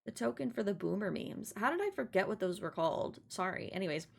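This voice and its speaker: A woman's voice: mid-range voice, lively intonation, fast talker, vocal fry. Chatty young woman playing a game. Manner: chatty, giggly, playful. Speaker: gaming streamer. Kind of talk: let's play commentary.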